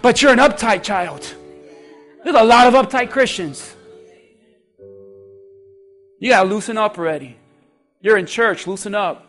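Very high-voiced male pastor preaching. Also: measured pace, pauses often, a bit bright, faint music behind. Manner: fervent, exhorting preaching. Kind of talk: sermon.

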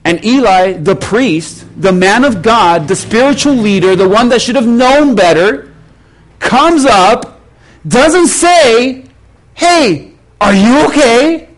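High-voiced, animated preacher man. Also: slow pace, poor audio. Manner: animated, conversational, self-mocking. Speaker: pastor. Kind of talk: storytelling sermon.

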